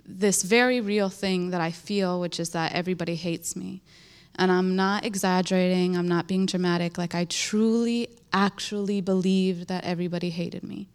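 A young woman giving an emotional, animated church testimony, telling a story with laughter and emphatic repetition. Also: mid-range voice, smooth. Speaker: speaker sharing a testimony.

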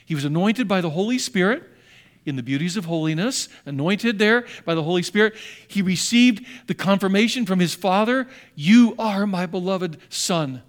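A man's voice: high voice, animated, fairly quick. A male pastor preaching a sermon with fervor, repeating phrases and acting out the quotes he reads.

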